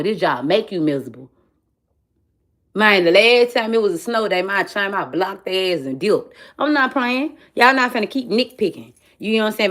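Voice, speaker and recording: Woman vlogger, casual and profane, animated storyteller. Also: mid-range voice. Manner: animated, profane, repeats "friend" and "you know what I'm saying".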